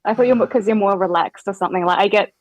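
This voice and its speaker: A woman's voice: mid-range voice, rapid-fire, dry recording, highs cut off. A young woman with a New Zealand accent, a guest in a casual chat, talking loosely with lots of fillers and laughter. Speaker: guest rapper.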